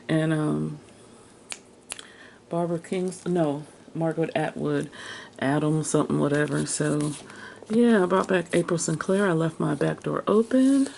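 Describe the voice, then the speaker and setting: A woman's voice: fairly low pitch, moderate pace, gravelly, darkish tone, slight background noise. A woman chatting casually to her viewers as she rummages through her sewing room, laughing often and talking to herself. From United States. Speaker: crafter and vlogger.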